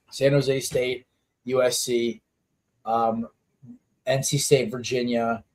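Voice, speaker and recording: Rambling casual sports podcast host man. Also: medium pitch. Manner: rambling, filler-heavy, excitable.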